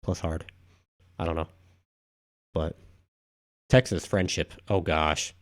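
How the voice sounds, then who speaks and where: A man's voice: low-pitched, steady tone, takes it slowly. A man hosting a casual live stream, rambling offhand through viewer comments with frequent asides. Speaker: livestream host.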